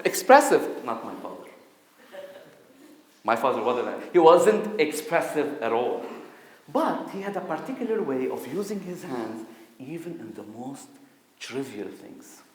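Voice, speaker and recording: Animated storytelling man in an echoey hall. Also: mid-range voice. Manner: animated, acts out voices with sudden loud outbursts. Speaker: conference speaker. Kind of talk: personal storytelling talk. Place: conference hall.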